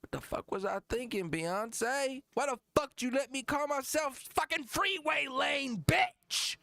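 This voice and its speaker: A man's voice: high voice, sing-song, slow pace, creaky, fairly bright tone, smooth, no room sound, pitched above the performer's own voice, exaggerated voice. A man doing a winded, aging rap star. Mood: winded bragging. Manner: breathless, bragging, then bewildered. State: out of breath. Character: worn-out aging male rap star, boastful and confused.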